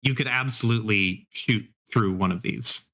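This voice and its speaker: A man's voice: fairly low pitch, normal speed, bright, forceful tone. A man running a tabletop horror game as game master, describing scenes in a rambling, filler-heavy way. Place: live stream.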